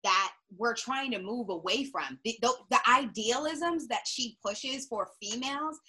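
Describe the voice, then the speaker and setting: Young woman, bright voice, blunt, animated, swears, casual chat. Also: fairly high pitch, unhurried, slightly rough. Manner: animated, blunt, swears freely, mimics people.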